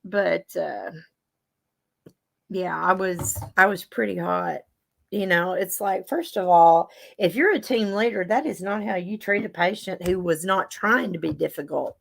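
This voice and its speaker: A woman's voice: fairly low pitch, measured pace, creaky. A woman, chatting and telling a story to her viewers as a show host. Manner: chatty storytelling, reading viewer comments aloud. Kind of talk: casual chat to a live audience.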